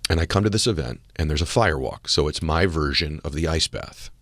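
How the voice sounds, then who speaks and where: A middle-aged American man hosting a podcast interview, telling a story in an earnest, animated way. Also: extremely low pitch, fairly quick, dry recording, studio quality. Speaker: podcast host. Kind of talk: conversational interview.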